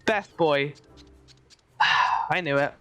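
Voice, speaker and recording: A woman giving playful, excitable let's-play commentary between reading game dialogue aloud. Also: low voice, extremely slow, smooth, no echo, faint music behind. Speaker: game streamer.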